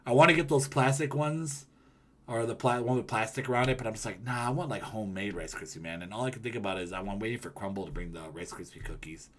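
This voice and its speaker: A man's voice: lowish voice, fast. Rambling, swearing streamer guy. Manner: rambling and profane, with loud ranting bursts. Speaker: livestreamer. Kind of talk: casual stream chat, reading comments.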